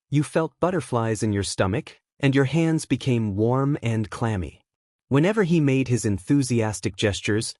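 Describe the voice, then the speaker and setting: A man narrating a story in scripted fashion with a steady, even reading manner. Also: mid-range voice, no echo, clean studio sound. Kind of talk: scripted narration of reader-insert fan fiction.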